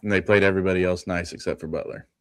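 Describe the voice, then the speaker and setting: A man with a fairly low voice talks college hoops on a casual live show. He rattles off scores and losses in quick lists and laughs easily. The sound is dry and close to the mic. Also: fairly even intonation, dry recording. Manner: runs through stats in quick lists, laughs often. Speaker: podcast co-host. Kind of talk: casual sports talk.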